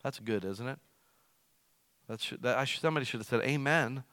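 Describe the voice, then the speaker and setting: A male pastor preaching with big swings in volume, punching some lines loudly and dropping others to near a murmur. His voice sits at an ordinary pitch and is recorded dry and close, with no room sound. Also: brisk, dry recording. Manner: animated, swings between loud emphasis and quiet asides; self-described as loud. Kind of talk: sermon.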